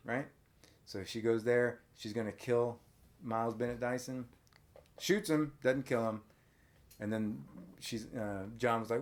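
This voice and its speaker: Male podcast host, lively recap, pops into character voices. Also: lowish voice. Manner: animated retelling, acts out lines in quick voices. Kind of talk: casual movie recap chat.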